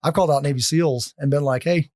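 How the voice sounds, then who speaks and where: A man with a voice pitched a little above the usual tells stories as a podcast guest, animated and full of restarts. The sound is dry and close, with no room echo. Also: quick pace. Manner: animated, acts out quoted lines, frequent restarts. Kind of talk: casual storytelling.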